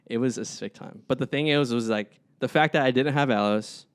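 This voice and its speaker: In a smooth, fairly quick mid-range voice, a young male podcast co-host shares stories in relaxed conversation. He brings them to life with animation and imitates the people involved.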